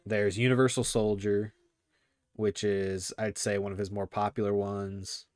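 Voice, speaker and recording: A man with a somewhat low voice hosts a casual movie podcast. He rambles along with plenty of filler words and loose, friendly phrasing. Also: level tone, unhurried, darkish tone, no echo. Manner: rambling, filler-heavy, laughs often. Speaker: podcast host.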